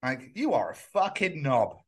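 Sweary man telling animated stories. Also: mid-range voice, a little slow, a crowd in the background. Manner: sweary animated storytelling, acting out others' lines. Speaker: podcast co-host. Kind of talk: casual chat.

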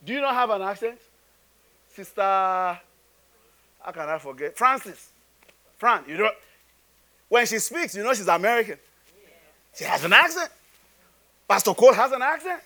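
High-voiced man preaching a sermon. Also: animated, moderate pace, long pauses, sharp tone. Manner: conversational and humorous, rhetorical questions. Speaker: pastor.

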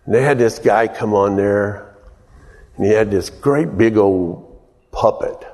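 A pastor preaching a sermon in a folksy, storytelling way, chuckling and breaking into loud exclamations. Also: male voice, on the low side, takes it slowly. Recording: long hall reverb.

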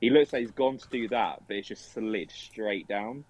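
A man's voice: fairly low pitch, normal speed, a little mellow. A man, a podcast co-host, chatting casually with cheeky jokes. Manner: joking, cheeky banter. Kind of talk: casual chat.

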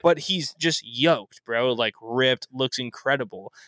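A man's voice: medium pitch, a little slow, dry recording. A young man co-hosting a podcast, telling stories in casual sports chat and peppering them with bro, dude and swearing. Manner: animated storyteller, swears, says bro and dude. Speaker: podcast co-host.

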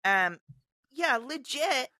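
A woman's voice: high voice, expressive, drawn-out words, sharp tone, dry recording. A woman co-hosting a podcast, reading a news story aloud with sarcastic asides and frequent laughter. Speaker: podcast co-host.

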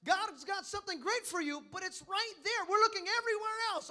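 A young pastor delivers a sermon in a church, his voice very high and bright. He tells stories, asks the congregation for amens and builds to loud, excited peaks. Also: fairly quick, few pauses. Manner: storytelling preacher, calls for amens, builds to shouting climaxes.

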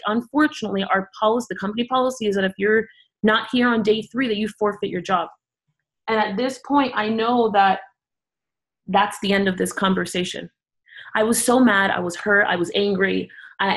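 A middle-aged woman from Miami, a guest entrepreneur telling her story in an animated way, acting out the voices of people she quotes. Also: mid-range voice. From Miami, Florida. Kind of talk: storytelling interview talk.

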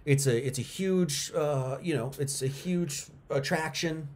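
A man's voice: a little high, measured pace, darkish tone. Emphatic man chatting to his stream. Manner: emphatic and repetitive, talks to chat. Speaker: livestream host. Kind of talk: casual livestream monologue to viewers.

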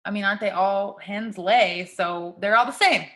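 A young woman co-hosting a podcast in casual chat, frank and quick to swear, laughing often. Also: medium pitch, sharp tone. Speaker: podcast co-host.

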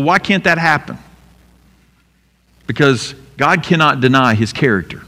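A pastor giving an emphatic sermon, asking rhetorical questions and repeating key lines. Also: male voice, a little high, lively intonation, unhurried, sharp tone, big-room sound.

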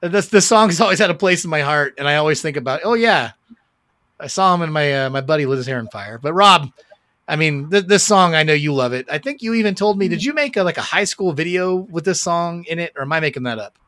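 A man's voice: on the high side, animated, fast talker, a bit bright, dry recording. A man co-hosting a casual podcast chat about music, enthusiastic and rambling, with lots of fillers and restarts and some swearing. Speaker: podcast co-host.

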